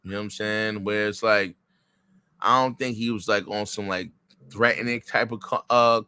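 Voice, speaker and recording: A man's voice: lowish voice, steady tone, moderate pace, pushed and bright, smooth. A man co-hosting a boxing podcast, chatting casually and hesitantly with lots of fillers. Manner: hesitant, filler-heavy, laid-back. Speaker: podcast co-host. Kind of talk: casual chat.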